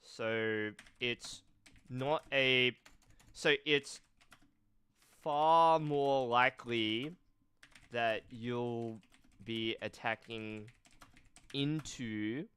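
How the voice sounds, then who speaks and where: A male streamer with a nasal, cold-stuffed voice, chatting slowly and thoughtfully on a casual live stream. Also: mid-range voice, a bit bright, clear, resonant tone. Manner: slow, thoughtful, reads chat aloud. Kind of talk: casual live-stream chat about card games.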